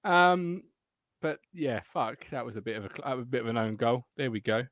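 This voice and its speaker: This Suffolk-accented man runs a relaxed live fan show from his living room while laid up with tonsillitis, cursing openly, mocking himself with laughter and wandering from thought to thought. He speaks in an animated, brisk, mid-range voice that's a bit bright. There's no room sound, but the highs are cut off.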